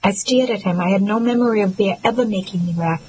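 A woman narrating a first-person novel as an audiobook. Her delivery is measured and earnest, with a reflective tone. Her voice sits at a middle pitch, with a faint hiss under it. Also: darkish tone, low-quality recording.

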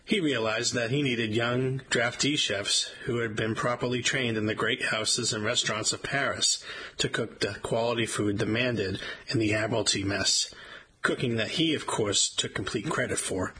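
A man reading a first-person memoir aloud in a wry, measured storytelling manner. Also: mid-range voice, steady tone, pushed and bright, breathy edge, rough recording. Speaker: audiobook narrator.

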